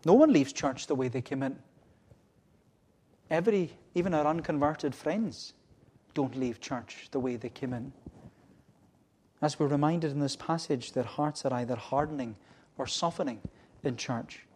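A man preaching a sermon from a church pulpit, with repeated refrains, rising to loud cries and dropping to hushed lines. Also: medium pitch, a little slow, long pauses, slightly rough. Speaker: minister.

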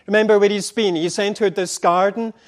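A man preaching a sermon, retelling scripture as dramatic dialogue, at times impassioned and at times dropping to a hush. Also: sits high, steady tone, brisk.

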